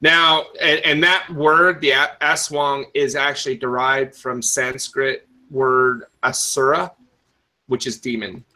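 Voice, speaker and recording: A man's voice: mid-range voice, level tone, slow pace, bright, forceful tone, rough recording. A man hosting a podcast in casual talk, rambling with many restarts and fillers, and stopping to answer the live chat. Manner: answers live chat, spells words in the phonetic alphabet. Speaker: podcast host.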